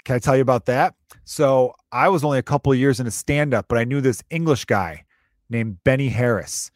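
A man tells stories with animated energy, swearing freely. His mid-pitched voice sits close and dry, with no room around it. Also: no echo. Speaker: stand-up comedian and podcast co-host. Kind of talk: casual comedic chat.

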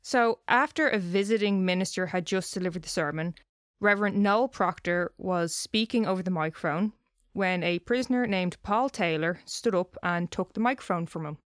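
A woman's voice: fairly low pitch, normal speed, hardly any pauses, no room sound, studio quality. Chatty swearing woman podcast host. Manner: loose, swearing, chatty delivery. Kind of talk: casual storytelling podcast chat.

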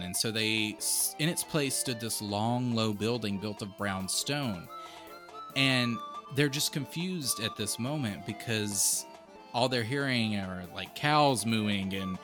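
A man casually recapping a book on a podcast, acting out quoted lines with asides. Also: mid-range voice. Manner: retells with quoted voices and asides. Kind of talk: casual chat.

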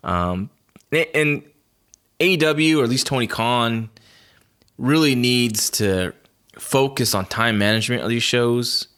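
A man co-hosting a podcast in casual chat, halting, with many restarts and fillers. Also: medium pitch, fairly bright tone, smooth. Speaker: podcast co-host.

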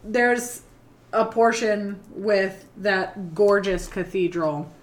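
A woman co-hosting a casual movie review podcast, animated and swearing casually. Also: medium pitch, unhurried. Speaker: podcast co-host.

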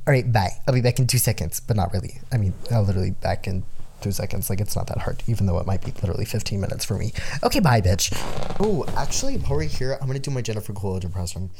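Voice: low voice, expressive, quick pace, darkish tone, slightly rough. A young adult podcast host telling a story in a casual, rambling way, with lots of fillers, who acts out the voices of people being quoted.

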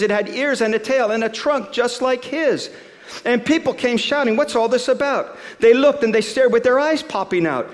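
A man giving a sermon, reading a rhyming story aloud in a rhythmic, expressive way before turning to scripture. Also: high-pitched, big-room sound. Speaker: pastor.

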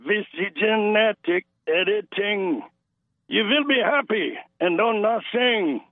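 A male caller doing an impression of a smug older elite villain, reciting gloating rhymes slowly. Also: sits high, expressive, no echo, heavily acted. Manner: slow, gloating, sing-song rhyming. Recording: tinny phone line, dry.

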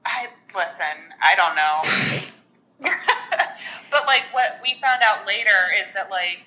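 A woman's voice: medium pitch, lively intonation, slow, bright, forceful tone, poor audio. A woman chatting casually about a film, filling her talk with "like" and laughing often. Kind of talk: casual movie discussion chat.

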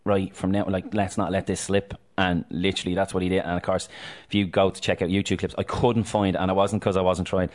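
A man's voice: sits low, flat delivery. A man hosting a radio sports show, chatty and jokey in casual talk. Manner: chatty, jokey, fast-talking.

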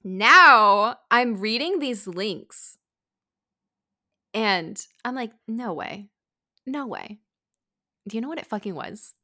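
Woman podcast host, bright voice, animated, casual swearing storyteller. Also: fairly high pitch, takes it slowly, long pauses. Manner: animated, says "like" a lot, swears.

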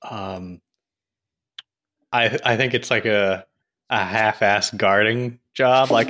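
A man co-hosting a casual podcast, with wry quick reactions and laughs. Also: lowish voice, steady tone, fairly bright tone. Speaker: podcast co-host. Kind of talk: casual chat.

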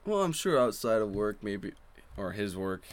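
A man's voice: on the low side, sing-song, moderate pace. A young man hosting a casual podcast, joking and playful with his friend. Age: young adult. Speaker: podcast host.

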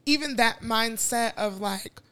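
A somewhat high-pitched woman in her late twenties, talking casually on a podcast. She tells her stories bluntly, swears freely and slips into voices when she quotes people. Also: a little slow, pushed and bright, smooth. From Nigerian family, raised in Chicago. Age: late 20s. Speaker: podcast co-host. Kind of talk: casual candid chat.

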